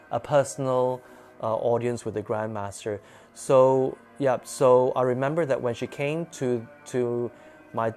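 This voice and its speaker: A man's voice: mid-range voice, darkish tone. A man telling a personal story in a casual, rambling way, full of fillers and restarts. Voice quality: rambling, filler-heavy delivery with frequent restarts.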